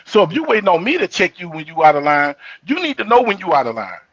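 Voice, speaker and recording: A man's voice: high voice, quick pace, dry recording, lo-fi sound. An older man hosting a casual live talk show, telling stories and acting out the dialogue of the people in them. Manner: animated storyteller acting out quoted dialogue. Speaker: host.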